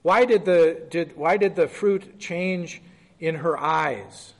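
This is interactive Bible study teaching from a man whose voice is on the high side. He takes it slowly in a large hall, reading scripture aloud and asking the group questions as though chatting.

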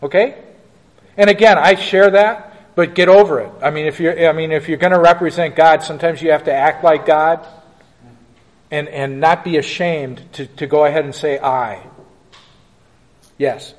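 Male pastor type, slightly high voice, teacherly and joking, long hall echo. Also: fairly even intonation, moderate pace. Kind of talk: answering questions in a church class.

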